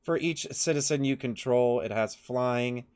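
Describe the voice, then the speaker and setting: A man with a smooth, clear voice at a middle pitch hosts a card game set review. He talks in a friendly, promotional way as he walks through each card. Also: measured pace, a little mellow. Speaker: host.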